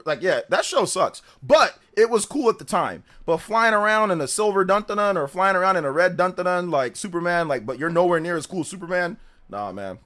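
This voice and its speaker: Brief: young male streamer, high bright voice, bouncy and slangy. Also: brisk. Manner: energetic, slangy, hums theme tunes, laughs often. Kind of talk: casual live reaction stream chat.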